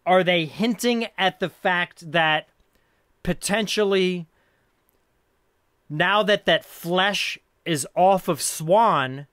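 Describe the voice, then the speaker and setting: A man's voice: high-pitched, takes it slowly, fairly bright tone, no echo, clean studio sound. A man hosting a casual film podcast, rambling and thinking aloud, laughing often as he talks. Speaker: podcast host.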